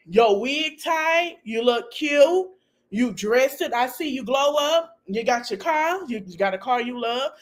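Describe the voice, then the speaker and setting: A woman speaking talks straight to her livestream viewers. She scolds and repeats herself for emphasis, her blunt advice laced with swearing. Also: fairly high pitch. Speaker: livestream host. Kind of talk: casual livestream commentary.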